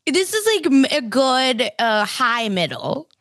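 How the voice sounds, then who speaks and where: A woman co-hosting a podcast, chatting casually in an animated, laughing way. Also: sits high, slow pace, no room sound, clean studio sound. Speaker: podcast co-host. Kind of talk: casual recap chat.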